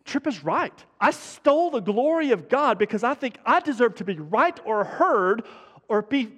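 High-voiced guy preaching, chatty but keeps hammering points, long hall echo. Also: sing-song, moderate pace, a bit bright. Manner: conversational preaching with emphatic repetition. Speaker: pastor. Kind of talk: sermon.

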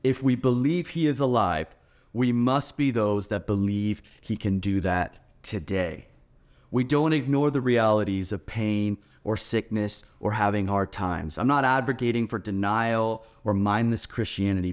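A man's voice: lowish voice, a little slow. A man preaching a sermon as pastor, in an earnest, emphatic way.

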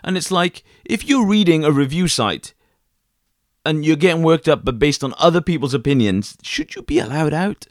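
A man's voice: fairly high pitch, expressive, moderate pace, no echo, clean studio sound. A young man co-hosting a casual chat, teasing his friend and ranting bluntly with plenty of swearing. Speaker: podcast co-host.

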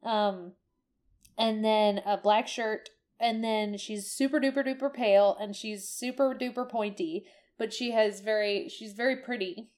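A woman's voice: mid-range voice, steady tone, measured pace, a little mellow. A woman co-hosting a podcast, chatting casually as she recaps a video game, with frequent ums and restarts. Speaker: podcast co-host.

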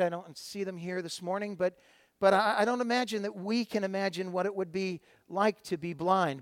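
High-voiced preacher telling a story. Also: male voice, dry recording. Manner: conversational, with frequent fillers and restarts. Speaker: pastor. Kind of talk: sermon storytelling.

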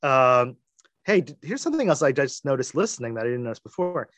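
A man's voice: medium pitch, very animated, fairly quick, a bit bright, dry recording. Man, podcast co-host, rambling casual talk, dry close sound. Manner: rambling, full of restarts and fillers. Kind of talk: casual chat.

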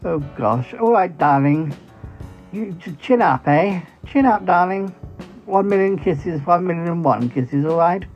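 Man playing a gushing woman, says darling, comedy sketch, slightly high voice, muffled lo-fi sound. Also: expressive, unhurried. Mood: doting. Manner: gushing, calls everyone darling. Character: gushing posh woman friend, affectionate. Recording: dull lo-fi sound, faint music.

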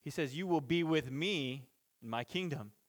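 A man's voice: fairly high pitch, normal speed. A man teaching through a Bible passage in an informal, conversational way, chuckling between points and restarting sentences. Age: parent of children. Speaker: pastor.

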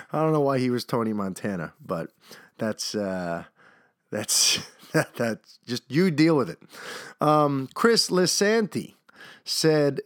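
A man's voice: medium pitch, sing-song, moderate pace, dry recording, clean studio sound. A man hosting a podcast in a casual, rambling monologue, often restarting his sentences. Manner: rambling, chatty, self-interrupting with repeated starts. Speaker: podcast host.

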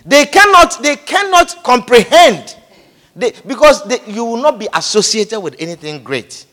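A man's voice: extremely high pitch, big pitch swings, normal speed, bright, forceful tone. A man preaching a sermon, emphatic and repeating his phrases, calling out amen, recorded in an echoey church hall.

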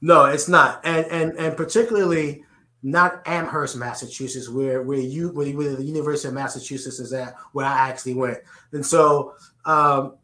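A man's voice: medium pitch, fairly even intonation, normal speed, pushed and bright, roomy sound. A man with a New York accent, answering interview questions earnestly and often repeating words as he finds his phrasing. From the Bronx, New York. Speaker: guest.

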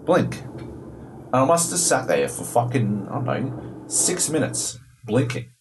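Profane, animated Australian man. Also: mid-range voice, takes it slowly, background noise. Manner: profane, exasperated storytelling. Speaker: podcast co-host. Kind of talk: casual chat about video games.

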